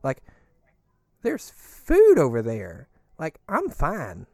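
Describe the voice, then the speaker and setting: A man playing a laid-back, foul-mouthed resident who rambles on with a swooping, animated voice. The sound is dry and close, with nothing in the background. It is a comedy podcast. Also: extremely slow, creaky, dry recording, exaggerated voice. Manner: chatty, crude, swinging pitch. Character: rambling, easygoing male resident inside a giant creature.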